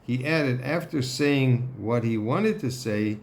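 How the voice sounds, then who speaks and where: A man giving a Torah lesson in a deliberate manner, often clearing his throat and checking in with his listeners. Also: mid-range voice, a little mellow, a little hiss or hum. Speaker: Torah teacher.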